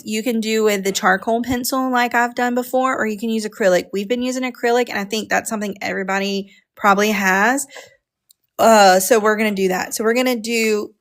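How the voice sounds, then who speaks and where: A woman teaching a live coloring class, chatting casually with viewers as she works. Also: on the high side. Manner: chatty, talks to viewers while working. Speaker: art teacher on a live stream.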